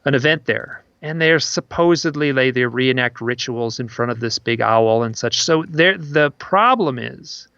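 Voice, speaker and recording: A man's voice: mid-range voice, unhurried, vocal fry, few pauses, pushed and bright, smooth, no room sound, dull audio. A man, an author guest in an interview, telling stories in a rambling way with many restarts and repeated words. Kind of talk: interview storytelling.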